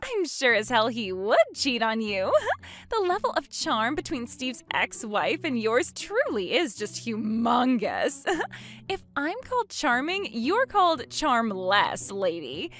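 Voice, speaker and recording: A woman's voice: a little high, sing-song, takes it slowly, fairly bright tone, exaggerated voice. A woman putting on a smug giggling mistress. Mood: mocking, smug. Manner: mocking, giggling, haughty.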